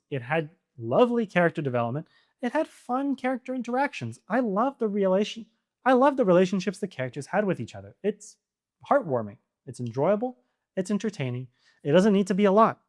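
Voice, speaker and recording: Animated, fairly high-voiced male commentator. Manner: animated, with exasperated rhetorical questions. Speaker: video essay host. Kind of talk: casual opinion commentary to camera.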